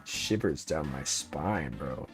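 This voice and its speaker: A man's voice: a bass voice, expressive, slow, soft background music. A man streaming a game, dropping casual slangy asides between the dialogue. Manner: laid-back, slangy asides. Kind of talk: casual livestream commentary.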